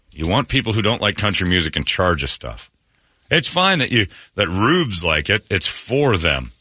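Radio guy ranting, sarcastic, bright forceful voice, dry studio mic. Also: low-pitched, no room sound. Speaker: radio host. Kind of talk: morning radio banter.

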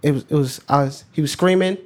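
A teenage boy from New York tells a personal story live, his voice a little high, a little fast, and darkish in tone. As a student storyteller he's casual, chatty, and slangy, laughing along with his own tale.

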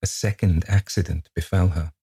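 A man narrates a ghost story in a measured, grave way, with a very deep, gravelly voice. His tone is dark and very husky, and the recording is close and dry. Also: fairly even intonation, no room sound. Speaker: audiobook narrator.

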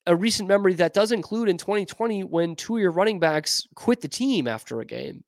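A man with a fairly high voice hosts a sports talk segment, emphatic and frank, leaning on wordplay to make his points. The sound is dry and close, with no room around it. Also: fairly quick, dry recording. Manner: emphatic, frank, animated delivery with playful wordplay. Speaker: sports show host. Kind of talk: opinionated sports commentary.

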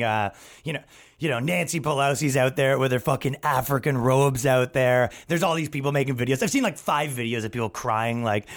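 A podcast host and stand-up comedian delivers a casual ranting monologue, crude and sarcastic, mocking others with put-on voices. He swears freely and swings between loud outbursts and low asides.

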